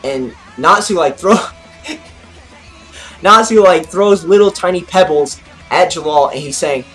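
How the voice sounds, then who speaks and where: Man anime review host, fairly high voice, excitable recap full of "like"s, faint music underneath. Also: measured pace. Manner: excitable, heavy use of "like"; gestures with his arms while talking. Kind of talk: casual episode recap.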